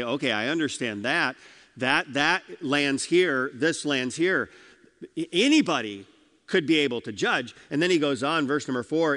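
A male pastor delivers a sermon in a slightly high, very lively voice, rising and falling as he reads scripture and puts questions to his listeners. His emphatic delivery rings out with the long reverb of a large hall. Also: moderate pace. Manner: emphatic, asks the congregation questions.

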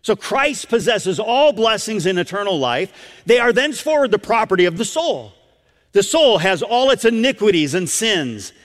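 A man preaching a sermon as pastor, emphatic, with dramatic pauses and questions put to the congregation. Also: high-pitched, sing-song, a bit bright, in a large hall.

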